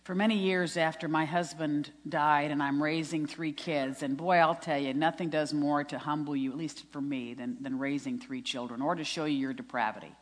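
Speaking at a women's retreat, a middle-aged woman delivers an earnest testimony sermon, quoting scripture and laughing at herself. Her low voice holds a steady tone at normal speed with barely any pauses, and the hall adds a long reverb.

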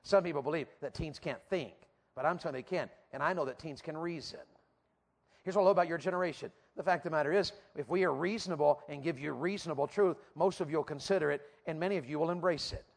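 A man's voice: on the high side, fast talker. A man preaching a sermon to teenagers, asking emphatic, repeated rhetorical questions. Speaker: youth preacher. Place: church platform before a youth audience.

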